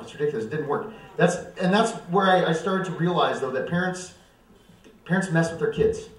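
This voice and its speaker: A young man performing live stand-up comedy, self-mocking and animated. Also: a little high. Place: church coffeehouse stage. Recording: roomy hall, mic far off.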